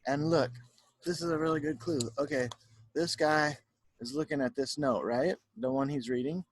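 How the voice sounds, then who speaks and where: A male teacher reading a picture book aloud to children on a home video, chatty and animated, often stopping to talk to the kids about the pictures. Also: fairly high pitch, moderate pace, a little hiss or hum. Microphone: home video recording.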